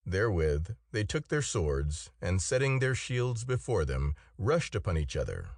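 A man narrating an old tale in a measured, expressive reading. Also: low-pitched, breathy edge, dry recording, clean studio sound. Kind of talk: storybook narration.

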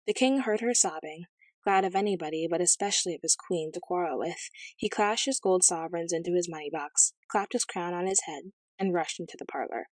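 A woman narrating a fairy tale as an audiobook, in a measured, gently expressive storytelling manner. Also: fairly low pitch, dry recording, clean studio sound.

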